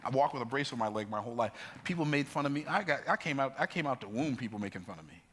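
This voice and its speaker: A man telling life stories in an emphatic, preacher-like motivational talk, building up and jumping into sudden high bursts. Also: expressive, rapid-fire, fairly bright tone, a little hiss or hum. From United States. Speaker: motivational speaker.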